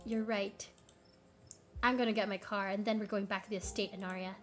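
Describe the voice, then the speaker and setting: A woman's voice: mid-range voice, little pitch movement, brisk, a bit bright, faint music behind, pitched below the performer's own voice, natural voice. A woman voicing a stern adult woman in a game, scolding the others in a clipped way.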